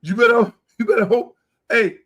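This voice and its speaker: Loud ranting man, high voice. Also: normal speed. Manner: loud, profane, boastful ranting. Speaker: podcast host. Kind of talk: heated casual talk.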